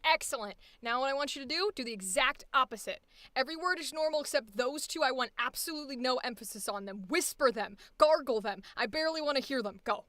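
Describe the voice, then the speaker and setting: A woman's voice: sits high, lively intonation, quick pace, a bit bright, dry recording. An American woman coaching voice acting live, blunt and profane, laughing often. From United States. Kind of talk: live-streamed coaching session.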